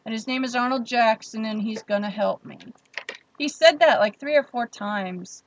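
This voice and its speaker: A woman streamer telling a story in a wry, animated way, laughing between lines. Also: fairly high pitch, slight background noise. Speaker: livestream host. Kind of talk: casual storytelling. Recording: dull lo-fi stream audio.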